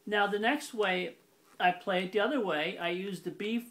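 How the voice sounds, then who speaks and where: A man's voice: sits high, a little slow, pauses often, over loud music. A man giving a casual accordion lesson, explaining step by step in a plain, methodical way and stopping now and then to correct himself. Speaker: accordion teacher. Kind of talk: casual instructional demonstration. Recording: loud accordion under the voice. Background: accordion playing.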